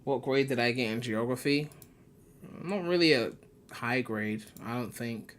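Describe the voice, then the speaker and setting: A man's voice: medium pitch, unhurried, a bit bright. A young man from the UK with a mixed British and West African accent, casually rambling and swearing as he streams a game. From United Kingdom. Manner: laid-back, swears freely, rambling asides. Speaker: gaming streamer. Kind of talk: casual live-stream commentary.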